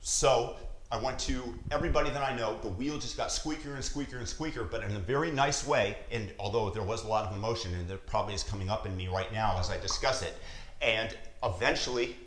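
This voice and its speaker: A man's voice: fairly low pitch, brisk, fairly bright tone. A father vlogging to camera with earnest, emphatic motivational talk, repeating his points. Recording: roomy echo.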